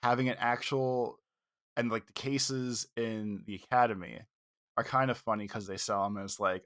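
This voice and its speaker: A man with an average-pitched voice rambles wryly as he co-hosts a casual reaction show. He is close to the mic and the sound is dry. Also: fairly even intonation, normal speed, fairly bright tone, no echo. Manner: rambling, wry, acts out quotes. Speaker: podcast co-host.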